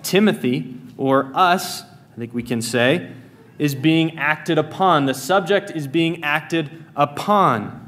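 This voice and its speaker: A man's voice: on the high side, a bit bright. An American man preaching a sermon in a church, earnest and emphatic, repeating key phrases. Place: church sanctuary.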